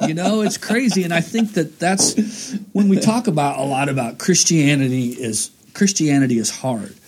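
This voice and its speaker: A man's voice: on the high side, animated, moderate pace, noisy background. A man hosting a casual faith talk, earnest and rambling, restarting his sentences often. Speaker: host.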